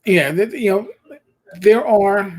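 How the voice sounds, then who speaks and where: Older new guy, kinda high voice, rambles and jumps around telling stories. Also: slow pace. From New York. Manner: rambling, animated storytelling with restarts. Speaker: co-host. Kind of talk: casual chat.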